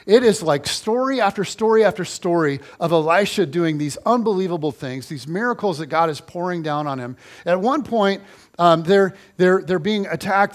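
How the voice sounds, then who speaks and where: A middle-aged male pastor preaching a sermon, telling stories with lively repetition for emphasis. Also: on the high side. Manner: animated storytelling, repeats phrases for emphasis.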